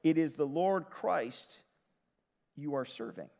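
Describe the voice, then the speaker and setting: A man preaching a sermon as pastor, retelling a story in a conversational, lively way. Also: a little high, slow, creaky, big-room sound.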